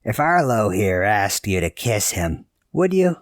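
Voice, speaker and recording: Man playing a brash sea captain, sly, suggestive, needling, pitched up a little. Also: very animated, a little slow, dry recording, clean studio sound. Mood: teasing. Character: brash teasing male ship's captain.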